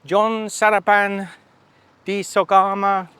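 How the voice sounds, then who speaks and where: A man's voice: sits high, little pitch movement, slow pace, sharp tone, clear, resonant tone. A man hosting a casual travel food vlog outdoors at a street stall, chatty and cheerful, laughing often and talking while he eats. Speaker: travel vlogger.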